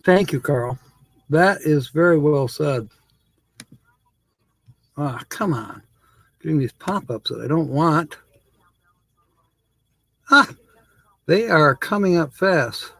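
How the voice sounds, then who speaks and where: A man's voice: fairly high pitch, animated, slow, vocal fry, pauses often, fairly bright tone, no echo. A man hosting a live stream, chatting casually with viewers, laughing often and reading comments aloud.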